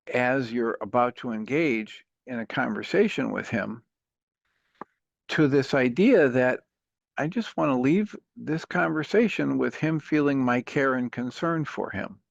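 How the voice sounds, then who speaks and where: Male call-in host, patient and earnest, mid-pitched, dry and dull lo-fi sound. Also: vocal fry, no room sound. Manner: earnest, patient, steady counseling. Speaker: radio talk show host, coach. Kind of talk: calm advice on a call-in show.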